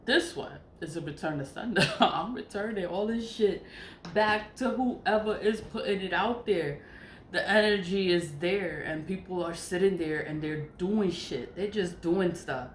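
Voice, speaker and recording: A woman's voice: fairly low pitch, unhurried, slight background noise. A woman vlogging in a casual, chatty way, swearing freely and laughing often. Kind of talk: casual spiritual vlog chat. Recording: echoey room with faint ambience.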